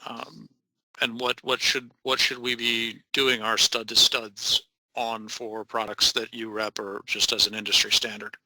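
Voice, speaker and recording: Man, very bright tone, dry close sound, probing questions. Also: lowish voice, level tone, measured pace, dry recording, low-quality recording. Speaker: architect asking questions. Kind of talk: audience questions.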